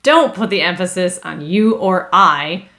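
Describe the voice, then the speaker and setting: A woman's voice: lowish voice, animated, unhurried, pushed and bright. A woman training customer service staff, upbeat and emphatic, acting out sample phone greetings. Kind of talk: instructional talk to camera.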